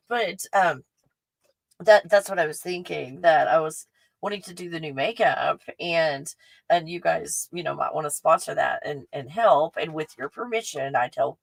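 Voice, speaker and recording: A woman with a fairly low voice talks to her live-stream viewers in a loose, effusive way, often circling back and restarting what she's saying. The sound is dry and close, with no room echo. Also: gravelly. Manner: chatty and effusive, with frequent restarts. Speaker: livestream host.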